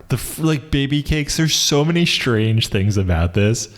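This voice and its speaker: A man's voice: medium pitch, animated, moderate pace, few pauses. A man co-hosting a podcast in casual comedic chat, laughing often and repeating lines for fun. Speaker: podcast co-host.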